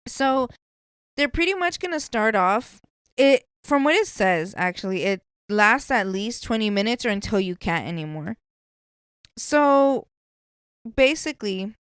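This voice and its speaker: A woman's voice: medium pitch, smooth, no echo. A woman hosting a podcast, chatting casually in a blunt, profane way. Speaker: podcast host.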